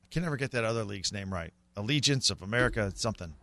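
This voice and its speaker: A man co-hosting sports talk radio, emphatic and quick in banter. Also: lowish voice, animated, bright, forceful tone, no echo.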